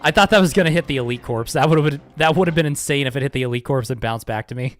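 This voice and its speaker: A man's voice: mid-range voice, fast, dry recording, faint music behind. A man chatting casually with his live-stream chat while speedrunning a game, joking sarcastically and swearing freely.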